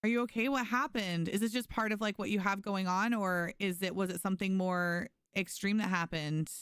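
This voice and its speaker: At a normal speed, a young woman with a clear, resonant mid-range voice streams a game and chats casually with her audience. She's animated and talkative, reading the chat aloud and thanking viewers. Studio-quality, dry recording.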